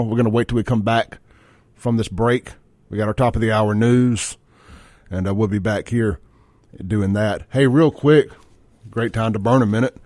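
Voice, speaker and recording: Fired-up talk radio host. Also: male voice, mid-range voice, darkish tone, no room sound. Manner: blunt, fired-up, folksy.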